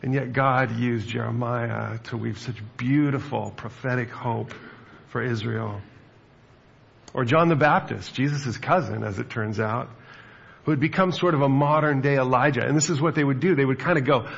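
Pastor guy preaching, chatty sermon with lots of "like" and asides, gravelly kinda raspy voice. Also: mid-range voice, normal speed, dull audio. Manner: conversational, with fillers and asides.

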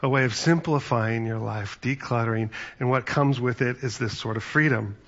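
Pastor guy chatting through a sermon, bright voice, kinda muffled lo-fi sound. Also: mid-range voice, moderate pace. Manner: conversational, storytelling with acted-out quotes.

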